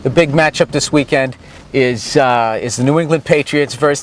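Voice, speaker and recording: A man's voice: medium pitch, normal speed, a little hiss or hum. Crude, sarcastic man ranting on a street. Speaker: vlogger giving a street tour. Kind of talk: profane comic rambling. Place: outdoors on a town main street.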